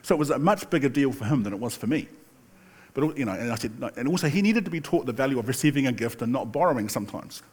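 An older man preaching a sermon in a relaxed, chatty storytelling way, with asides and the occasional laugh. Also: mid-range voice, fast talker, slightly rough. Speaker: pastor.

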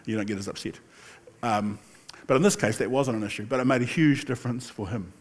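An older man preaching a sermon in a relaxed, chatty storytelling way, with asides and the occasional laugh. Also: medium pitch, fairly quick. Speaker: pastor.

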